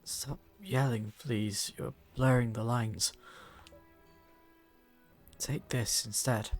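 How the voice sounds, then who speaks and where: A man voicing a calm, solemn wounded mystic who speaks slowly and measured. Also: mid-range voice, faint music behind.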